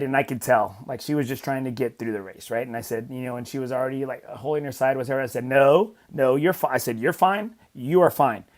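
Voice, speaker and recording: A middle-aged man hosting a casual podcast chat, who talks emphatically and repeats phrases for stress. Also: medium pitch. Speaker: podcast host and coach.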